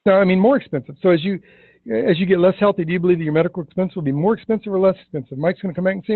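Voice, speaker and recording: Gravelly, husky man on a tinny line. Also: high-pitched, no room sound. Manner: emphatic, demonstrates scripted questions with pauses. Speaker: sales trainer. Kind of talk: webinar sales training. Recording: tinny phone-like webinar audio.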